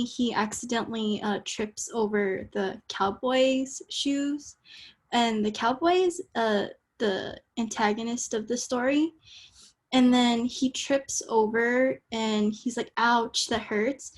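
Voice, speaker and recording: A woman student presenting her storyboard in an online class, hesitant and full of ums and likes. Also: on the high side. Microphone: video call.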